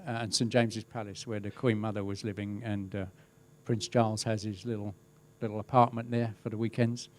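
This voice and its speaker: A middle-aged man, a crowd safety specialist, giving a webinar talk with relaxed, wry storytelling. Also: fairly low pitch, a little fast, few pauses, slight background noise. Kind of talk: webinar presentation, telling an anecdote.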